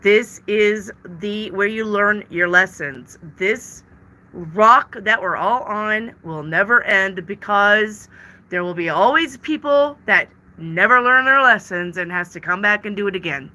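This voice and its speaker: A woman's voice: mid-range voice, a little slow, pushed and bright. A woman reading tarot on a live stream, reading out viewer questions and answering them with emphatic repetition. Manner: emphatic, repeats words for stress. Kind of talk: casual live-stream chat.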